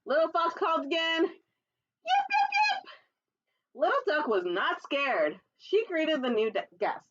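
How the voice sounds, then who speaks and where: A woman children's librarian reading a picture book aloud for storytime, with playful, chatty asides to young listeners and squeaky animal calls. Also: big pitch swings, moderate pace, fairly bright tone, dull audio.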